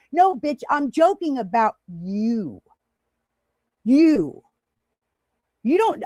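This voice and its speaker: In a dry recording, a high-voiced woman from the United States hosts a livestream and lays into a critic. Her rant is angry, confrontational and full of profanity, broken by occasional greetings to viewers in chat.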